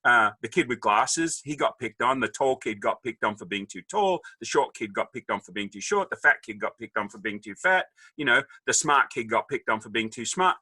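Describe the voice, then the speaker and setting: A middle-aged Australian man, a podcast guest, telling stories in a jokey, animated way and acting out the voices of people he quotes. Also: mid-range voice, a little fast, few pauses, breathy edge, no room sound. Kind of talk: casual storytelling.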